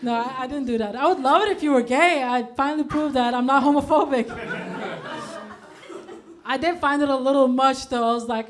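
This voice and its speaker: A woman from Denmark doing a stand-up comedy set on a club stage, with deadpan setups and punchy acted-out quotes, audience laughter behind her. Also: sits high, fairly quick, crowd noise.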